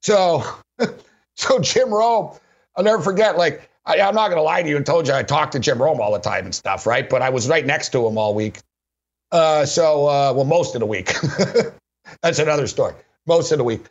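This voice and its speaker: A man's voice: on the high side, expressive, moderate pace. A man hosting sports radio, telling a rambling story with frequent laughs and lots of "like". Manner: rambling, laughing often, heavy use of "like". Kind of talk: casual anecdotal storytelling. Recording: dull lo-fi recording.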